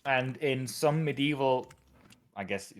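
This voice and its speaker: Streaming his work on a compiler, this Northern English man talks slowly in a mid-range voice. The chat is casual and meandering, and he explains things with lively enthusiasm as he goes.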